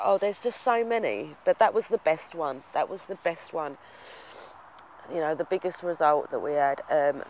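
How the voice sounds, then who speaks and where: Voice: mid-range voice, a little hiss or hum. A vlogger telling a story to camera in a heartfelt, rambling way. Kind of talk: casual storytelling vlog.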